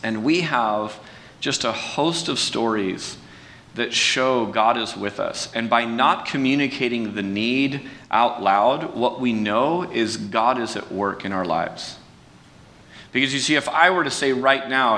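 Folksy pastor in an echoing hall. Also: male voice, a little slow, bright, forceful tone. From California. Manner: folksy, self-deprecating, with frequent restarts and fillers. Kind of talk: conversational sermon talk. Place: church sanctuary. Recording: distant mic with long hall reverb and faint rumble.

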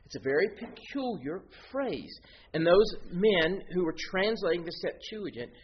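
Lively lo-fi male preacher. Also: a little high. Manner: animated teaching, explaining Greek words step by step. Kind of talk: expository sermon. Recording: dull lo-fi sound with faint noise.

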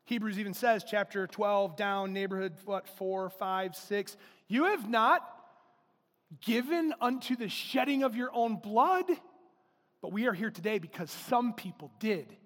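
Emphatic high-voiced male pastor preaching. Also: unhurried, big-room sound. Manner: emphatic, swells to loud exclamations. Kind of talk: sermon. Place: church.

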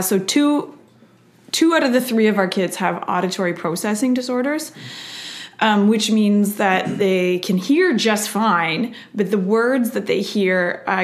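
A woman, a guest parent on a parenting panel, speaking earnestly in a casual discussion. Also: medium pitch. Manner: earnest, acts out quotes.

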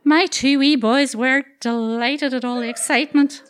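A woman with a Northern Irish accent tells a true story live on stage, wry and earthy with comic asides. Her voice sits fairly high, and she swears freely without any fuss. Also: fairly even intonation, normal speed, smooth.

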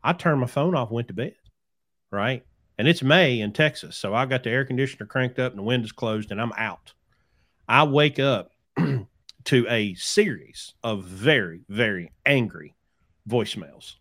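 Man telling animated trucking stories. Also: mid-range voice, a little slow. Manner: animated anecdote-telling, acting out quoted people. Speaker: podcast host, trucking business owner. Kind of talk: casual chat, storytelling.

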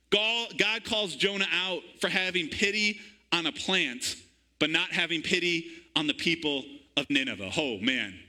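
A man's voice: fairly high pitch, expressive, measured pace, bright, forceful tone, poor audio. A man preaching a sermon in church, calling out to the congregation for an amen. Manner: call-and-response preaching, asks congregation for amen. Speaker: pastor.

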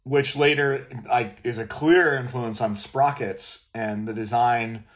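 A man's voice: mid-range voice, fairly even intonation, takes it slowly. Chatty man talking films. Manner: chatty, laughs easily, uses "like" often. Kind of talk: casual film discussion.

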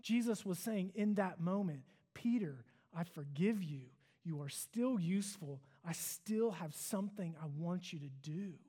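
A man's voice: high voice, animated, unhurried, few pauses, dark tone, slightly rough. A man giving a sermon, retelling a story in an earnest, conversational way with casual fillers. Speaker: preacher.

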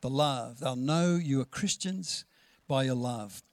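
A man's voice: medium pitch, slow, no echo. A man preaching a sermon in a conversational, storytelling way, acting out the dialogue he quotes. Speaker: pastor.

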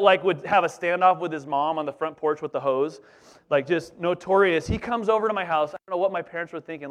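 A middle-aged man preaching as a pastor, telling a childhood story in a lively, conversational way full of asides to the congregation. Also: fairly high pitch. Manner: animated, conversational, repeats "you know what I'm saying". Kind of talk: storytelling sermon.

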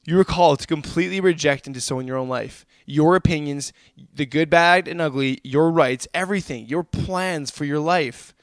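Fervent young male preacher, fairly high voice. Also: normal speed, no echo, clean studio sound. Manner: fervent, addresses listeners as guys. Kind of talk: sermon.

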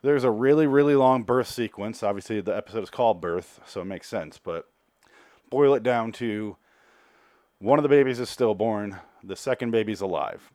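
A man's voice: fairly low pitch, moderate pace, a little mellow, no echo, studio quality. A man giving a casual, rambling, sarcastic TV episode recap and swearing freely. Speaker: TV recap host.

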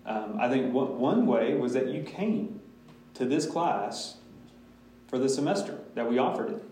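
A man's voice: medium pitch, lively intonation, measured pace, dark tone, slight background noise. A man, a pastor, answering a church class's questions in a candid, casual way, with many restarts. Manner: candid, talks in restarts and asides. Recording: echoey room, voice from a distance.

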